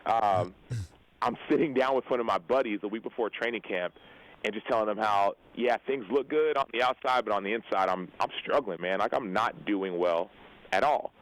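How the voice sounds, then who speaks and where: This is candid interview storytelling from a guest in his thirties who plays pro football and writes books. He speaks earnestly and thoughtfully, re-creating past scenes with quoted lines and tagging many of them with "right?". His voice is on the low side at a normal speed, captured in a low-quality recording.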